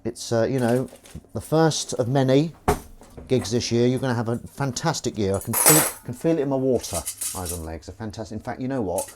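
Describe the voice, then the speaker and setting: A man's voice: mid-range voice, animated, brisk, very noisy. A man chatting casually and joking with viewers while he washes up on a livestream. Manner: chatty, jokey, greets viewers by name. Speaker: livestream host. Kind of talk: casual chat while washing up. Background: clinking dishes and cutlery.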